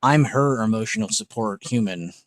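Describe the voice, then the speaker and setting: A man's voice: lowish voice, normal speed, dry recording, clean studio sound. A man hosting a live trading stream, chatting casually and talking to his dog between comments. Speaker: livestream trading host.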